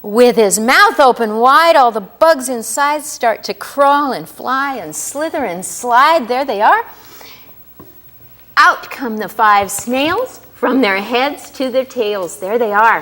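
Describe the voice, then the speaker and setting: A woman reading a picture book aloud to young children as storyteller, asking them questions as she goes. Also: a little high. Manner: animated, asks children questions often; drawn-out sing-song rhyming delivery.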